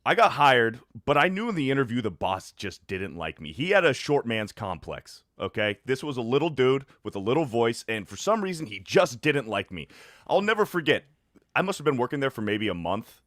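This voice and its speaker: A man with a deep voice co-hosting a live stream, reading viewer messages and telling stories in a deadpan way. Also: a little fast, no room sound, studio quality. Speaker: co-host reading viewer donations. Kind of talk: casual live-stream banter.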